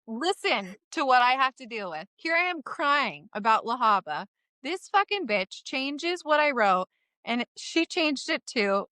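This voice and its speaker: A woman with a fairly high, bright, ringing voice tells a book chapter back in her own words for a podcast. She swears freely and teeters on the edge of crying. The sound is dry and close, with no room around it. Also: very animated, unhurried, no room sound. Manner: irreverent and swearing, often laughing through tears. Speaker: podcast co-host recapping chapters. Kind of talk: casual podcast recap, reading a comic chapter summary.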